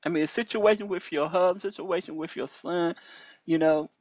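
Preachy woman minister on a dull call. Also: normal speed. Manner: preachy, repeats phrases, swings high when excited. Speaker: deliverance minister. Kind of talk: animated testimony on a phone call.

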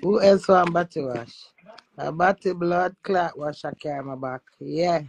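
A woman's voice: lowish voice, measured pace, slightly rough, no echo, rough recording. A Jamaican woman who is a social media influencer, chatting brashly and profanely in patois with her live-stream viewers. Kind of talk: casual live-stream chat.

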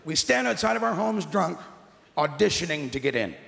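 A middle-aged man doing stand-up comedy on a large theatre stage, gruff and ranting with deadpan asides. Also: fairly high pitch, normal speed, a little hiss or hum. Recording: echoey theatre with loud laughing crowd.

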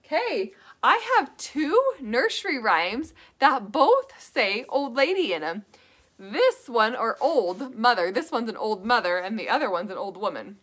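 Slow sing-song preschool teacher woman. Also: fairly high pitch, sing-song, fairly bright tone, slightly rough. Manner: sing-song, drawn-out phrasing for small children. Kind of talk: children's lesson and nursery rhymes.

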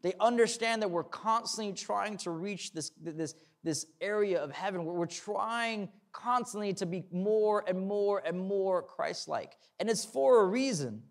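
A man's voice: high-pitched, a little slow, creaky, hardly any pauses. A young man, a pastor, telling a personal story in a sermon, acting out the dialogue and then preaching earnestly.

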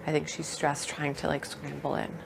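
A woman's voice: low-pitched, completely flat delivery, moderate pace, vocal fry. A woman chatting casually, reassuring her friends. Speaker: reality show houseguest. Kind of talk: casual chat. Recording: noisy live feed audio.

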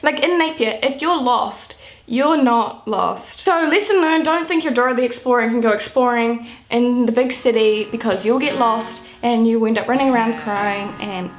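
Young woman, high voice, from New Zealand, casual vlog storytelling, says "like" a lot. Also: normal speed. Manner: chatty, says "like" constantly. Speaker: vlogger.

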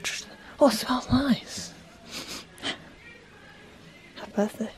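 Young girl vlogging on a handheld cam, slow chatty and giggly, lots of background noise. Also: fairly high pitch. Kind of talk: casual vlog chat. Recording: noisy handheld vlog recording.

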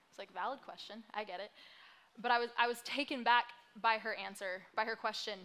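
A woman's voice: on the high side, brisk, sharp tone. A young woman in her twenties giving a sermon from a church stage in a conversational, self-deprecating way with light laughs. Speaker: pastor.

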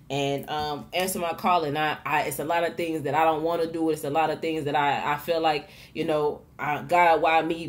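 A woman giving a casual motivational tarot reading in a frank, profane, encouraging way, often repeating and restarting her words. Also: sits low. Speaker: tarot reader and vlogger.

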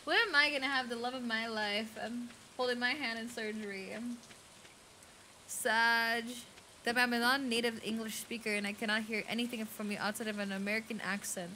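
A young woman streamer with a light Filipino accent and a fairly high voice, chatting loosely and reading chat aloud. She swears freely, and steady rain noise runs behind her. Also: normal speed. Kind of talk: casual game stream chat.

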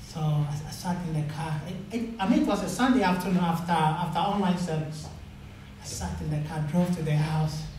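A man preaching a sermon as pastor, telling stories and acting out the dialogue with rising pitch. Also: a little fast, a little mellow, distant mic, slight background noise. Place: church. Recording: echoey church hall, mic from afar.

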